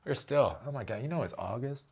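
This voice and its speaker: Man ranting, profane, lively pitch. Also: a little fast, creaky, slightly rough. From Ohio, US. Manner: profane, exasperated ranting with sudden loud outbursts. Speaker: tech commentary host. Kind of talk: ranting commentary vlog.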